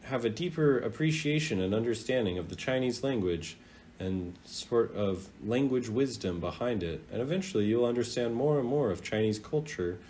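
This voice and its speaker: Animated male teacher, chatty and relaxed, sliding through demonstrated sounds over faint noise. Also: mid-range voice. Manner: lively, chatty, drawn-out demonstration of tones. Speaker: language teacher. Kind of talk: casual video lesson.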